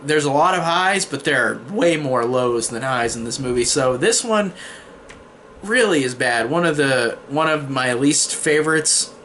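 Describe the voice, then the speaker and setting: A man gives a casual spoiler review of a horror film, retelling the plot in long "and then" chains and swearing casually. His medium-pitched voice is expressive, measured, and fairly bright, with slight background noise.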